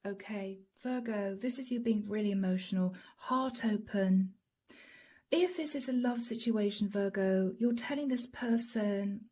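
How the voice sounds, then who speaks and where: Soft-spoken husky woman reading tarot. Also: mid-range voice, expressive, unhurried. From Europe. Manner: soft, emotional, often drops to a whisper. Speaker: tarot reader.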